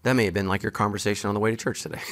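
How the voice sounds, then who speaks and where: A man's voice: fairly low pitch, steady tone, very fast, a bit bright. A man preaching a sermon as pastor, speaking straight to his congregation with emphatic, joking asides.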